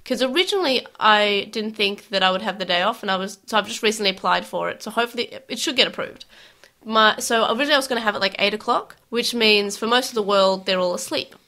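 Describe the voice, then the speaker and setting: A woman's voice: mid-range voice, fast talker, bright, forceful tone. A woman co-hosting a podcast, chatting in a rambling, self-mocking way. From Australia. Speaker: podcast co-host. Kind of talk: casual chat.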